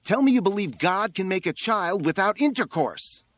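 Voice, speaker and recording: A man voicing a desperate thirteen-year-old boy on a rooftop, who shouts his commands high and loud. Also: big pitch swings, measured pace, no echo, full character voice. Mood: shouting demands.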